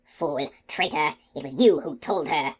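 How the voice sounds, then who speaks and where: A woman voicing a savage old king with a low, hissing snarl. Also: measured pace, slightly rough. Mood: furious.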